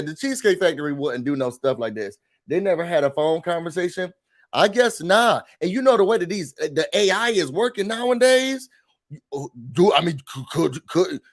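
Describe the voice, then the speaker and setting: A man's voice: on the high side, lively intonation, brisk. A man hosting a casual morning commentary show, chatty and joking, acting out little scenes as he talks. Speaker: host.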